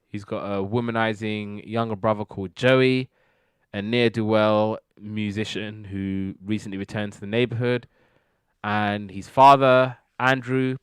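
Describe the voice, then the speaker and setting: A man's voice: lowish voice, clear, resonant tone, no echo. A British man hosting a casual TV review podcast, enthusiastic and rambling with repeated words. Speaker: podcast host.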